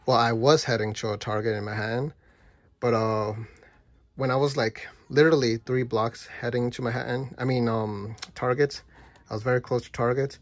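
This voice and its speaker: A man's voice: medium pitch, steady tone, normal speed, no room sound. A man reviewing food and telling a rambling, casual story full of fillers.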